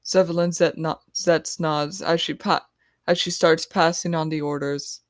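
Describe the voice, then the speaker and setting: A woman's voice: low voice, steady tone, unhurried, dry recording, studio quality. A woman author reading her own novel in the first person on her podcast.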